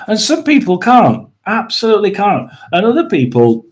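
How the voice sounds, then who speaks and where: A man hosting a tarot and paranormal live stream, chatting casually, rambling with lots of restarts and throat-clearing. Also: sits high, wildly swooping pitch, normal speed. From United Kingdom.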